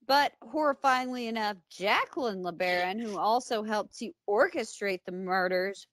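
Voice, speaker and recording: A woman's voice: medium pitch, no room sound, clean studio sound. A woman with an American accent, co-hosting a podcast and recapping a true-crime story in a casual, blunt, conversational way. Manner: conversational, blunt, with fillers and asides. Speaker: podcast co-host.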